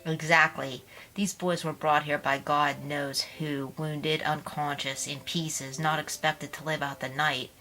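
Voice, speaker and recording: Woman doing a sour older lady, scornful, scolding, low voice. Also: little pitch movement, measured pace, bright, forceful tone, rough recording.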